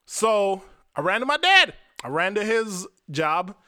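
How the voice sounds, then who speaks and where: On his podcast, a young host tells his own story in a candid, profane monologue loose with "like." His voice is bright, forward, smooth and a little higher than most men's, very animated and a little slow. The sound is dry and close, with no room sound.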